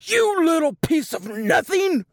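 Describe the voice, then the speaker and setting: A woman's voice: high voice, very animated, takes it slowly, no echo, clean studio sound, voice pushed up, exaggerated voice. A woman voicing a drunken, abusive father who roars and mocks. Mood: raging. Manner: roaring, mocking.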